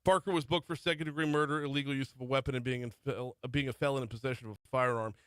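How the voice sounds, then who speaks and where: A man's voice: medium pitch, fairly even intonation, racing, fairly bright tone, smooth, no room sound. A middle-aged man hosting a morning talk radio show, running through the news with chatty asides. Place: radio studio. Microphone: studio microphone.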